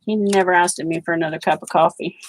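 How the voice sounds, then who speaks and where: A woman's voice: lowish voice, steady tone, quick pace, slight background noise, rough recording. A middle-aged woman vlogging about crafts, chatting casually and telling stories in an outspoken way as she works. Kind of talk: casual chat while crafting.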